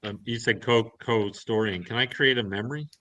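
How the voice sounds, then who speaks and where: A man playing a tabletop game, asking hesitant questions with halting starts. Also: medium pitch, background noise. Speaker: player.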